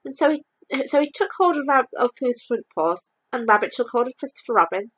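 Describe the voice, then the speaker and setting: A woman reading a children's storybook aloud, lively and expressive. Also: a little high, brisk, breathy edge, rough recording.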